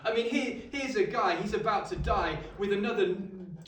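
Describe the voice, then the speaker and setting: A man's voice: high voice, normal speed, fairly bright tone. A man playing a middle-aged Roman centurion, telling his story in a wry, conversational monologue to a live audience. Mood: incredulous. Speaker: costumed actor at an exhibition. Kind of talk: first-person dramatic monologue to a live audience. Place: indoor exhibition hall. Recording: echoey hall, mic at a distance.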